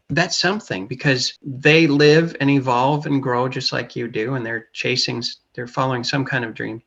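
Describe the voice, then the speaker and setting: A man's voice: medium pitch, gravelly, sharp tone, muffled recording. A man hosting an interview, chatting casually and encouragingly, acting out little quotes as he goes. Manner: encouraging, speaks in quick bursts with acted-out quotes. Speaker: interview host.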